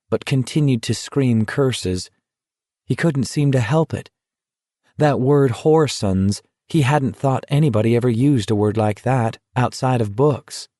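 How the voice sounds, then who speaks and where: A man's voice: mid-range voice, a little mellow, no room sound. Man narrating an audiobook, dry studio sound. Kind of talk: scripted narration.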